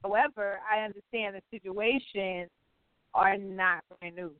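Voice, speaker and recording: A woman's voice: mid-range voice, fairly even intonation, a little slow, dry recording. A woman co-hosting a casual talk show, blunt and teasing, who sometimes mixes up names. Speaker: co-host. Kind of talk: casual chat. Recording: phone-line audio.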